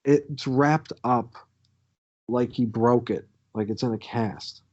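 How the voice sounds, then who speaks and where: A man's voice: medium pitch, slow pace, a little mellow, muffled recording. A man co-hosting a podcast, telling a crude, swear-filled story from his youth in a casual way. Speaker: podcast co-host.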